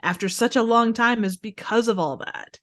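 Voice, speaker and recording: A woman guesting on a casual movie podcast, enthusiastic and quick to laugh, sometimes searching for words. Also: on the high side, a bit bright.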